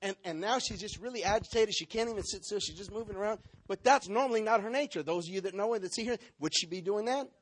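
High-voiced preacher in a dry room. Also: male voice, quick pace, few pauses, dry recording. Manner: animated preaching, acting out congregants. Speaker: pastor. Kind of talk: sermon.

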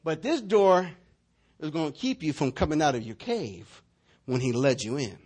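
A man preaching a sermon, telling stories with big swings between shouting and hushed asides. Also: a little high, normal speed, breathy edge. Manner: animated storytelling, swinging between shouts and near-whispers. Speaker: pastor.

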